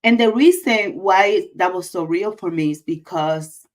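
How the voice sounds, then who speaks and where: A woman's voice: fairly low pitch, a little slow, rough recording. A woman hosting a casual livestream, effusive and emotional, repeating her greetings. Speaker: livestream host.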